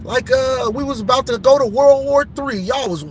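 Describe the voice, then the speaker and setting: A man live-streaming a casual sports rant, teasing rival fans with laughter and drawn-out colloquial talk. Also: extremely high pitch.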